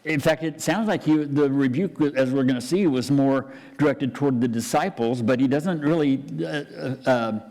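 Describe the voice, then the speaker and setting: Man, pastor, mid pitch, chatty sermon, restarts, echoing church hall. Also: moderate pace, hardly any pauses, mellow. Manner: conversational preaching with frequent restarts.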